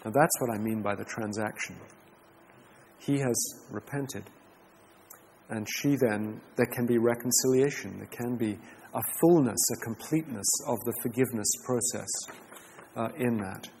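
Man leading a class discussion, earnest and measured, mid-pitched voice, roomy hall with faint background noise. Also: vocal fry, a little mellow. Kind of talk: reflective talk, reading a letter aloud.

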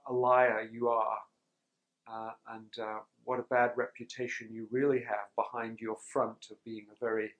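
Measured, reflective male speaker. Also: medium pitch, rough recording. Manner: measured and reflective, pausing to clear his throat. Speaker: speaker teaching pastors on forgiveness. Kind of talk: conference talk with a sermon tone.

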